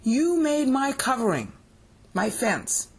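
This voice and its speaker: A Bible teacher with a high, slightly rough voice speaks slowly but very animatedly. Sharing her screen for a scripture lesson, she explains step by step with emphasis and often checks that the listener is following.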